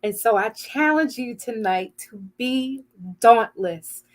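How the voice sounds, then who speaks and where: Slow, heartfelt older woman host. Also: fairly high pitch, expressive. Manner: heartfelt, earnest, searching for words with fillers. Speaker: host of an inspirational broadcast. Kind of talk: inspirational devotional talk.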